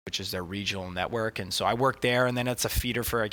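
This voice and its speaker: A man's voice: fairly low pitch, fast, sharp tone. A man co-hosting a podcast, telling stories in casual chat, swearing often and filling with "like" and "dude". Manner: profane, filler-heavy storytelling. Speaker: podcast co-host.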